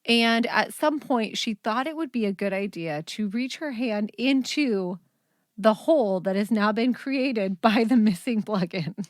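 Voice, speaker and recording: A woman's voice: a little high, expressive, measured pace, no echo. Woman, podcast host, casual chat, laughs a lot, dry recording. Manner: giggly storyteller, laughs often.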